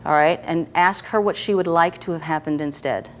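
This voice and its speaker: A woman with a slightly low voice leads a guided therapy session, coaxing her client along with soft questions and frequent check-ins. A faint hiss sits under the recording. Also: normal speed. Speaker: EFT practitioner.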